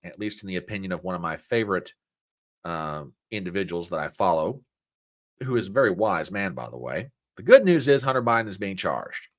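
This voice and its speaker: Folksy man with a lively voice. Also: deep voice, a little fast. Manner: animated, folksy, indignant ranting. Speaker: host. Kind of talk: political commentary show.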